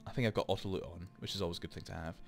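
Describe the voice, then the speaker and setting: A man's voice: sits low, very fast, gravelly, soft background music. A man hosting a let's play, chatting and rambling through explanations with lots of asides, into a desk microphone. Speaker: gaming channel host.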